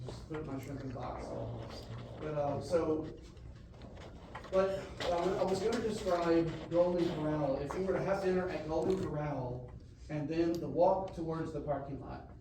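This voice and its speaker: A high-voiced band director leads a rehearsal, singing musical phrases and joking with his students. He is recorded from far off in a very echoey band room. Steady noise sits behind him. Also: moderate pace. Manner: sings phrases with syllables, jokes with students. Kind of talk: rehearsal instruction. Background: room ambience and noise.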